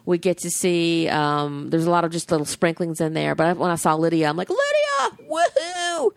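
Gushing, low-voiced woman podcaster. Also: brisk, vocal fry, clear, resonant tone, no echo. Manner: gushing, animated, swears freely. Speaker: podcast co-host. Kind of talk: casual chat.

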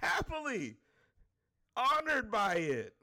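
A man's voice: extremely high pitch, huge pitch swings, slow, pushed and bright. A man delivering a blunt, exasperated, profane rant straight to his audience. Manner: blunt, exasperated, heavy swearing.

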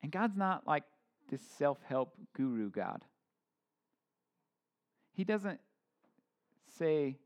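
A man's voice: on the high side, sing-song, very slow, long pauses. Casual joking man in his thirties preaching. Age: 30s. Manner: informal, joking asides, many fillers and restarts. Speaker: pastor. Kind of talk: casual conversational sermon.

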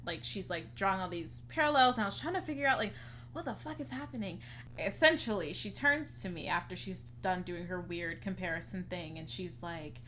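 Bright-voiced young woman telling a story. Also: mid-range voice, slight background noise. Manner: chatty, heavy use of "like", acts out quotes. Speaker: podcast co-host. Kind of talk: casual storytelling chat.

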